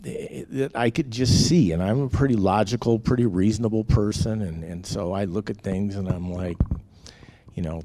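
A man's voice: fairly low pitch, fairly even intonation, normal speed, vocal fry, dark tone, no echo. A man giving a rambling, candid personal testimony, full of fillers and restarts. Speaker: testimony speaker.

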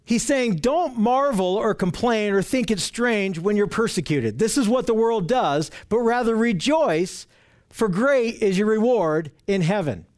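A man's voice: high voice, animated, a little slow, darkish tone. A man preaching an expository Bible sermon, earnest and explaining verses, often asking "right?" to his listeners. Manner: earnest, asks rhetorical questions, repeats "right?". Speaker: pastor.

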